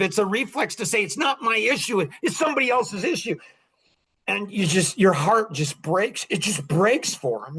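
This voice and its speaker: A man's voice: high-pitched, a bit bright. A man in his sixties talking in a rambling, emphatic monologue, repeating phrases as he goes. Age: 60s. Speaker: podcast host. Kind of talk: casual monologue.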